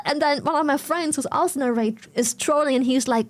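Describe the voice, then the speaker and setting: Giggly high-voiced young woman streamer. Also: brisk, few pauses. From Germany or the Netherlands. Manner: giggly, swears freely, reads chat aloud. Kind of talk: casual chat with stream viewers.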